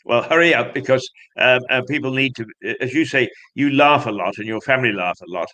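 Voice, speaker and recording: A male host of a magazine show, interviewing a guest in a jovial, halting way. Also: medium pitch, sharp tone, poor audio. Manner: hesitant, many fillers and restarts, jovial.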